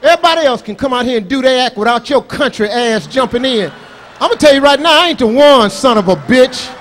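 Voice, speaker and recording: Brash high-voiced stand-up comedian man. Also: animated, brisk, a bit bright, slight background noise. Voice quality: brash, profane, boastful. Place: live comedy show on stage.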